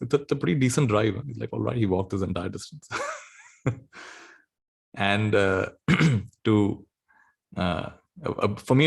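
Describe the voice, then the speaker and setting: A man giving a dharma talk, telling a story gently and laughing often as he goes. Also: on the low side, gravelly. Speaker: spiritual teacher.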